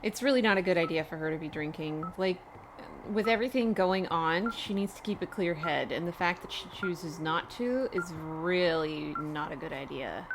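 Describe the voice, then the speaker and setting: A woman's voice: on the low side, expressive, normal speed, noisy background. A young woman hosting a let's play, chatting and reacting aloud as she plays through a game. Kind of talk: casual gameplay commentary.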